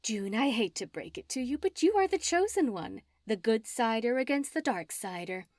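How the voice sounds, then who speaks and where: A woman's voice: on the high side, lively intonation, moderate pace, a little mellow, no room sound, clean studio sound. A woman narrator voicing a scheming, gloating female witch villain in an audiobook, her lines sneering and at times hissed. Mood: menacing.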